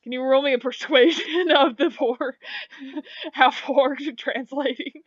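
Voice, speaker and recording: A woman's voice: high voice, a little slow, no echo, lo-fi sound. A woman running a tabletop game as game master, narrating casually with lots of fillers.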